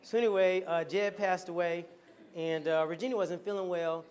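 A man preaching a storytelling sermon to his congregation, animated and joking and laughing often as he talks. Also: sits high, normal speed, slight background noise. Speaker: pastor. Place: church before a congregation.

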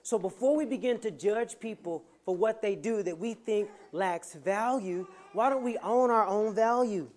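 A preacher giving a motivational sermon with playful humor, swinging from soft asides to loud, emphatic lines. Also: medium pitch, moderate pace, few pauses.

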